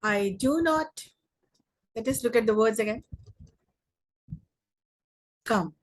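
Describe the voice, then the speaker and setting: A young Indian woman teaching an online English grammar lesson, slowly repeating words and sentences for emphasis. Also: fairly high pitch, lively intonation.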